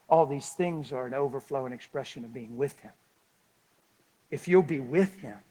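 Man, preacher, sermon storytelling, fairly high voice, loud then hushed. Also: slightly rough, rough recording. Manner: animated storyteller, swings from loud excited to hushed.

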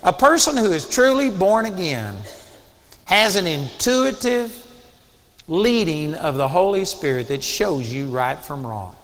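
A man's voice: high voice, sing-song, unhurried. Earnest man preaching in a reverberant hall. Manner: earnest, emphatic teaching with swings from soft storytelling to raised exhortation. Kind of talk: sermon.

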